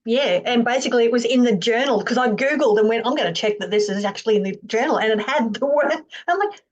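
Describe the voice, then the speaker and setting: A woman joining a video call in casual chat, excited and quick, with laughing asides. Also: a little high. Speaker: participant on the call. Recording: muffled lo-fi call audio.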